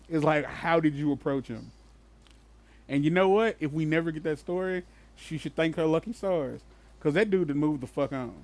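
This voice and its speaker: Podcast co-host, male, high-pitched, dry close mic, lively profane storyteller. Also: dry recording. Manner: animated storyteller, swears freely, bursts into laughter. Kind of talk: casual chat.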